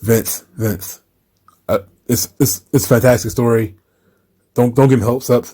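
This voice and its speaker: A man's voice: fairly even intonation, measured pace, warm tone, breathy edge. A man doing a stammering hopeful young wrestler. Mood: pleading. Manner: low, hesitant, stammering.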